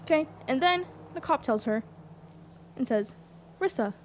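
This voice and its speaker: A woman telling a story in casual chat, animated and exasperated, swearing often. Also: sits high, measured pace, a little hiss or hum. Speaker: streamer recounting a roleplay.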